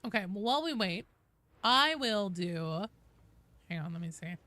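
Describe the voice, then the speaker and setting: A woman's voice: mid-range voice, lively intonation, normal speed, pushed and bright, no echo, soft background music. A young woman with a West Coast American accent chatting casually and rambling while streaming a game, swearing now and then. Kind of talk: casual gaming livestream chat.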